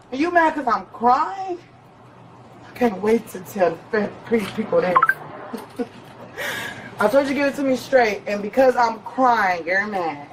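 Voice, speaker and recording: A woman's voice: sits high, a bit bright, slight background noise, rough recording. A woman detained at a gas station, crying and arguing insistently with a police officer. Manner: upset, argumentative, insistent. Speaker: detained customer.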